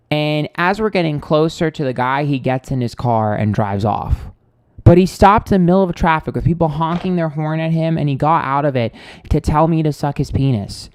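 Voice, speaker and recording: A man hosting a tarot livestream who tells a story in a casual, rambling, profane way. He is exasperated and dramatic, swinging between quiet asides and loud outbursts. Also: on the high side, normal speed, smooth, no echo, clean studio sound.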